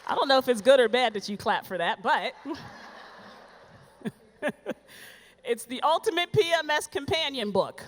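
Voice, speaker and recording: Lively, high-voiced woman doing stand-up. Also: moderate pace, long pauses. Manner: animated, sassy storytelling with acted-out dialogue. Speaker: comedian. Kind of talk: stand-up comedy on stage. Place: stage before a live audience.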